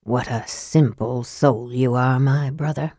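A woman voicing a sickly young male mage who speaks coldly and scornfully in a soft, low tone. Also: unhurried, dry recording, clean studio sound. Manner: cold, scathing, soft and low.

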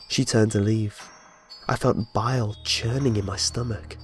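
A man's voice: lowish voice, steady tone, a little slow, husky. Male horror narrator, dramatic storytelling, light music bed. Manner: dramatic storytelling with voiced dialogue.

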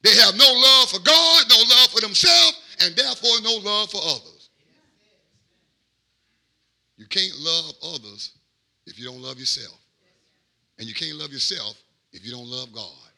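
A middle-aged man, a pastor, preaching a sermon in a rhythmic cadence that swings from quiet asides to shouted peaks. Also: sits high, animated, measured pace, gravelly, pauses often.

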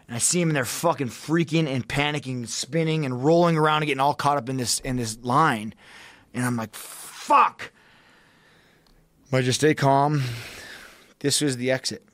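A man's voice: mid-range voice, dry recording. A man guest on a podcast, telling a story in a casual, profane, intense way and reliving it vividly.

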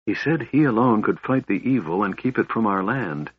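A man voicing a proud, fierce elven woman who gives sharp commands. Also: on the low side, lively intonation, moderate pace, slightly rough, narrow, tinny audio. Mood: fearful.

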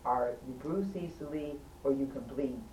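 A woman's voice: a bass voice, moderate pace, mellow, recorded from a distance. A woman telling a patient's story in casual talk, emphatic and insistent, always urging the listener to hear her out. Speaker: patient recounting a hospital stay. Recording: echoey room, voice from afar, faint noise.

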